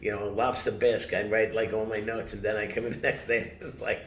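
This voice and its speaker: Middle-aged american chef guy, real low voice, rambling stories w/ swearing, roomy echo. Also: flat delivery, quick pace, fairly bright tone. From United States. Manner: rambling anecdotes, swears, acts out quotes. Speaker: chef, interview guest. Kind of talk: casual storytelling interview. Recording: roomy with faint background noise.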